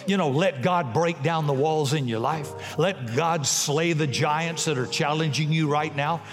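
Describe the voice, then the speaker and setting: Man preaching, folksy and punchy, voice booming around a big hall. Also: unhurried, music in the background. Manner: folksy, punchy, breaks into shouts and jokes. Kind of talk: sermon. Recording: long hall reverb.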